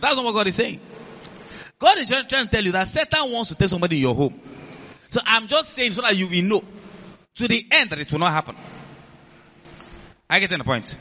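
A man preaching a sermon as pastor, animated, laughing and asking the congregation questions. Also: high voice, lo-fi sound.

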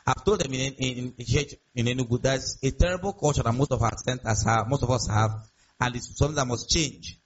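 A man's voice: mid-range voice, brisk, a little hiss or hum. A man preaching a sermon as pastor, emphatic and repetitive, often asking the congregation rhetorical questions. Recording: dull lo-fi sound.

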